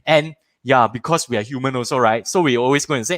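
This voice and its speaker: Speaking quickly with few pauses in a dry recording, this mid-range-voiced Malaysian English man in his thirties teaches parents live online. Animated throughout, he stages little scenes using shifting voices and repeats words to drive points home.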